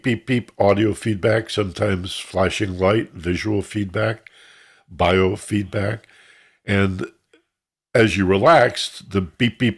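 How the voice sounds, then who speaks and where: A man's voice: low-pitched, breathy edge. A man teaching an online class, explaining in a rambling way and imitating sounds to make his points, heard over a video call. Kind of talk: informal online class talk.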